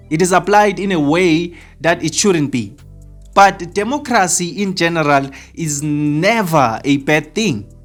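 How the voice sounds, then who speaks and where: A South African channel host giving opinion commentary to camera, emphatic and rhetorical, repeating questions back to the viewer. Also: medium pitch.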